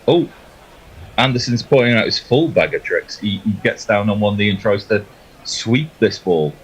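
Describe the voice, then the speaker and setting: A man giving relaxed ball-by-ball cricket commentary, chatty and laughing between deliveries. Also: on the low side, normal speed, husky, highs cut off.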